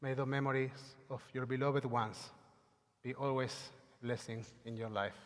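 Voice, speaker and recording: A man's voice: medium pitch, fairly even intonation, normal speed. A man leading a Sabbath service, chanting Hebrew prayers and making announcements with many hesitations. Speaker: service leader. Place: synagogue sanctuary. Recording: long hall reverb on a livestream.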